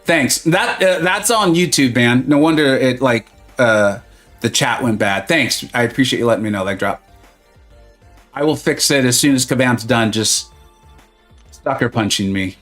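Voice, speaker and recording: A man's voice: medium pitch, normal speed, a bit bright, soft background music. A man streaming a mobile game live, joking and self-mocking while he chats with his viewers. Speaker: gaming streamer. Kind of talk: casual live-stream commentary.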